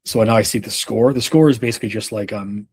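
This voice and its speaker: A man with a slightly low, husky voice leads a sales coaching session. He talks loosely and profanely, with plenty of restarts and anecdotes. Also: fast talker, a little mellow. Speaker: sales leadership trainer. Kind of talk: casual coaching talk.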